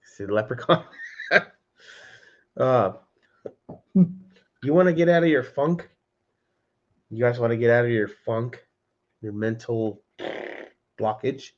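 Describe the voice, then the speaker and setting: Slow-paced and prone to frequent pauses, this man has a medium-pitched, slightly mellow voice. He hosts a relaxed home livestream, chatting with viewers by name and saying "dude," heard through slightly dull lo-fi sound.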